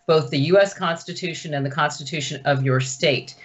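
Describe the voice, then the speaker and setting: A woman activist being interviewed over a video call, earnestly laying out her group's plan. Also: a little fast. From United States. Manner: earnest, pitching an organized plan. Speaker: guest activist. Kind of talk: remote interview. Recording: dull video call audio.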